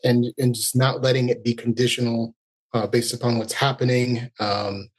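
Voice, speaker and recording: A man's voice: mid-range voice, flat delivery, normal speed, slightly rough. Man, podcast guest, music teacher, reflective, earnest, conversational. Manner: reflective, earnest, speaks in long thoughtful runs. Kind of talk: casual interview chat.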